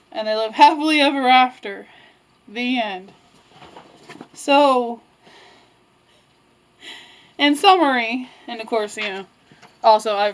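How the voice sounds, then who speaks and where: A woman with a high voice tells a children's story aloud in an easy, chatty way. She breaks off for asides and apologies as she goes, like a student teacher rehearsing a lesson. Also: poor audio. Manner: chatty, self-interrupting, with asides and laughs. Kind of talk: casual read-aloud storytelling.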